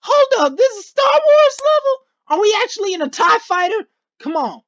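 A woman hosting a gaming video, commentating a let's play with excited yelps, shouts and slangy chatter. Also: very high-pitched, highs cut off. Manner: slangy, repeats phrases rapidly.

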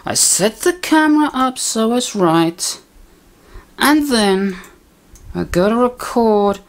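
A video maker speaks slowly in a fairly high voice with lively intonation, rambling in a casual vlog as she fiddles with her camera and gear. Her talk is mostly grumbling, self-mocking muttering.

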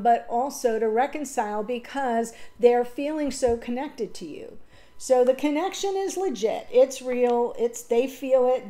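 Mellow-voiced woman giving an emotional tarot reading. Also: a little high. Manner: emotional, rambling, with fillers and self-corrections. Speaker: tarot reader. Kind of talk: casual spoken tarot reading.

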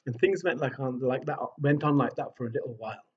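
A man telling a folk tale to families, animated and asking his listeners questions. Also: medium pitch, quick pace, slightly rough, dull audio. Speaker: storyteller. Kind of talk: live oral storytelling for families.

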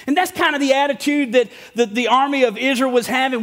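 A middle-aged male pastor preaching a sermon to a congregation in a church. He is folksy and humorous and rises to shouts for emphasis. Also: very high-pitched, a little fast, few pauses. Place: church sanctuary before a congregation.

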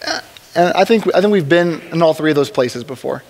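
A man teaching a church Bible study in a relaxed, conversational way, with joking asides and frequent restarts. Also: fairly high pitch, fairly quick. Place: church hall. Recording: long reverb of a large hall.

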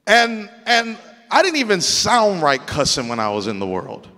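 A man's voice: high-pitched, wildly swooping pitch, moderate pace, sharp tone. A man from Louisiana preaching a sermon as pastor, speaking with proper, polished diction and repeating words as he works through his points. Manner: earnest preaching with frequent word repeats. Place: church sanctuary. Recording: long hall reverb.

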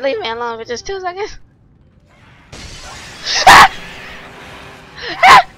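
A young woman doing let's play commentary, loud and profane, screaming at jump scares and trash-talking enemies. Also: extremely high pitch, huge pitch swings, slow, very noisy. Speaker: gaming channel host.

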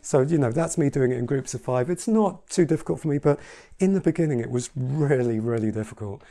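A mellow-voiced man giving a relaxed piano lesson, talking through practice tips as he plays. His tone is chatty and reassuring, with soft piano notes sounding faintly behind him. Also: mid-range voice, brisk. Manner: chatty, reassuring, demonstrates at the keyboard while talking. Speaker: piano teacher. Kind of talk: casual piano tutorial. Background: piano playing.

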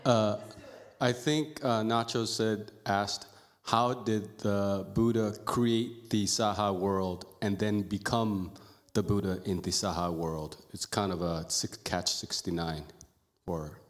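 A man's voice: fairly low pitch, steady tone, slow pace. A man in the audience hesitantly relaying someone's question to the teacher.

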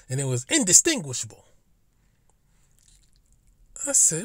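A man's voice: on the high side, very animated, measured pace, long pauses, fairly bright tone, breathy edge, no echo, clean studio sound. A man giving a casual commentary monologue as a vlogger, profane and emphatic, with indignant rhetorical questions.

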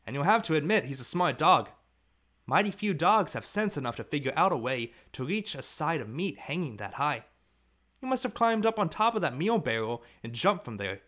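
A man reading an audiobook, voicing a calm, reasonable frontier mother persuading her son. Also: on the high side, moderate pace, pitched above the performer's own voice. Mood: persuasive.

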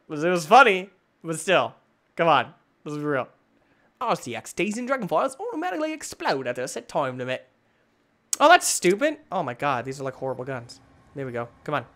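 Excitable young man with lively pitch. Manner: excitable, swings between loud outbursts and mutters. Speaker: gaming channel host. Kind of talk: gameplay commentary.

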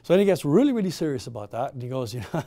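Middle-aged man, fairly high voice, mellow tone, emphatic storyteller, rhetorical questions. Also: big pitch swings, racing. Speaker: town hall host and moderator. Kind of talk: storytelling address to a live audience.

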